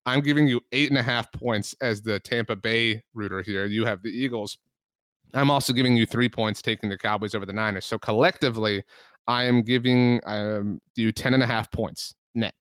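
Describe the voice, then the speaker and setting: A man co-hosting a sports podcast, arguing his points in an animated, ranting way and filling his talk with "like". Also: fairly low pitch, normal speed, dry recording. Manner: animated, ranting, heavy use of "like". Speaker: podcast co-host. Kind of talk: casual sports debate.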